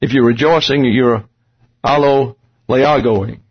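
A man's voice: mid-range voice, slow, husky. A man teaching a Bible study lesson on Greek grammar, explaining terms step by step with dry asides. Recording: dull lo-fi recording.

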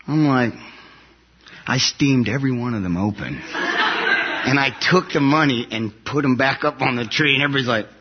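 A man, a soldier, telling an animated story about coming home to an audience, laughing often as he talks. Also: medium pitch, normal speed, pauses often, dull audio, very noisy. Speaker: soldier sharing his story.

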